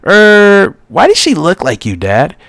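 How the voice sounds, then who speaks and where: A man's voice: high-pitched, measured pace, vocal fry, no echo, voice pushed up, full character voice. A man doing an eager little Saiyan boy. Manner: eager, excitable.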